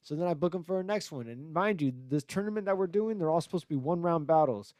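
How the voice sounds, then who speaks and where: A man's voice: fairly high pitch, expressive, fast, a little mellow, no room sound. A young man hosting a podcast, ranting about a rival with constant swearing and mocking put-on voices. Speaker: podcast host and battle rapper. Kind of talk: profane, ranting podcast talk.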